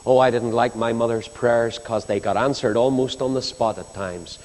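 A man's voice: medium pitch, fairly even intonation, normal speed. Fervent male preacher in echoing hall. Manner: fervent, swinging from loud declaring to hushed pleading. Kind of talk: sermon. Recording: long reverb of a large hall.

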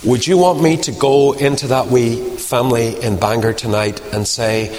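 A man preaching a sermon, swinging from loud emphasis to hushed whispers. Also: medium pitch, fairly even intonation, normal speed, hardly any pauses, slight background noise.

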